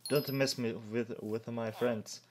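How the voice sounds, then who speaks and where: A man narrating a survival game in a slow, unhurried way, then yelping and scolding the characters on screen. His voice sits at an ordinary middle pitch. A steady hiss of noise runs under the recording. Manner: jumpy, exclaims and talks to game characters. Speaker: gaming YouTuber. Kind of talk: let's play commentary.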